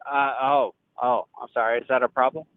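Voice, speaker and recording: A man's voice: mid-range voice, steady tone, brisk, dry recording. Defensive man on a tinny phone line. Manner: rambling and defensive, trailing off. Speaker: caller. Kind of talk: phone call to a podcast.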